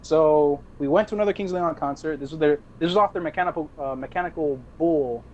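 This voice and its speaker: High-voiced young man rambling a story. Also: quick pace, muffled recording, a little hiss or hum. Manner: rambling, laughing storyteller with profanity and restarts. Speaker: podcast co-host. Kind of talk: casual storytelling.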